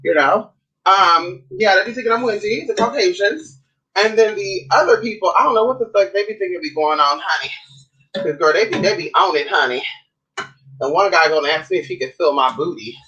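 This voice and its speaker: A woman's voice: on the low side, fairly quick, a bit bright, highs cut off. A woman vlogging at home, chatting to her viewers in a sassy, profane way and calling them girl and honey. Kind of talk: casual chat to camera.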